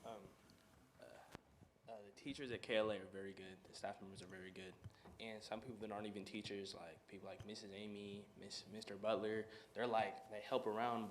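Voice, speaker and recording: Guy student, low voice, rushes and stumbles, kinda nervous sounding. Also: a little hiss or hum. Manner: hesitant, stumbling, self-admitted stutter. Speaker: student panelist. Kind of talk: meeting discussion.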